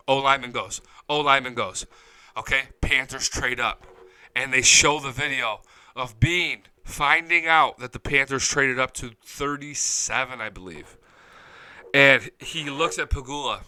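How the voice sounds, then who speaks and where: A man's voice: mid-range voice, normal speed, sharp tone, clear, resonant tone, no echo, poor audio. A man hosting a live-streamed sports talk show, hyped and profane, jumping from topic to topic. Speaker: sports podcast host. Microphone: studio mic, close and dry.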